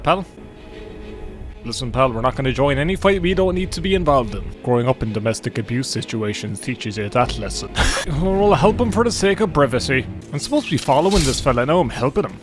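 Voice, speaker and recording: Chatty man playing games. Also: mid-range voice. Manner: chatty, jokey, swears freely. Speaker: gaming YouTuber. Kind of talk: casual gameplay commentary. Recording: faint game music behind.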